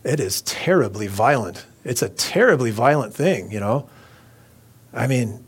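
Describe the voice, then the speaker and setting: A man's voice: mid-range voice, animated, a little slow, husky. A man preaching a casual, conversational sermon who retells scripture and acts out the voices in it. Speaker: pastor.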